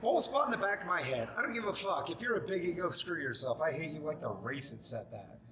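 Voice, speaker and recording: A man in his forties ranting at the camera, angry and mocking, often shouting. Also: on the high side, big pitch swings, a little fast, reverberant, noisy background. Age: 40s.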